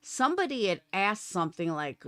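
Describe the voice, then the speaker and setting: A woman's voice: medium pitch, sing-song, brisk, a bit bright, dry recording. A woman live streamer ranting at her viewers, profane and combative. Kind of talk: livestream rant.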